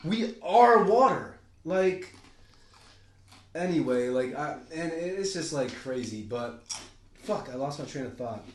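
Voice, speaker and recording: A man's voice: medium pitch, unhurried, pauses often, a little mellow, a little hiss or hum. A man co-hosting a podcast, talking in a loose, rambling way with plenty of swearing and sudden jumps between ideas. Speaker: podcast co-host. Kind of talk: casual podcast chat. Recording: roomy echo.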